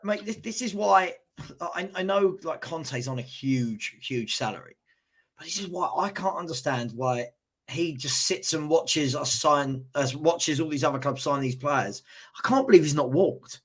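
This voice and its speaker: A man co-hosting a live football fan stream, animated and posing questions with stammering restarts. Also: fairly high pitch, a little slow, breathy edge.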